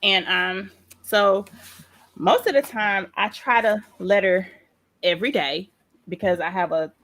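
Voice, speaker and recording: A woman guest on a podcast, chatting casually and telling animated stories, often laughing. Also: mid-range voice, a little slow. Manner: lively storyteller, acts out quotes in voices; laughs often while talking. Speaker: guest, pastry chef.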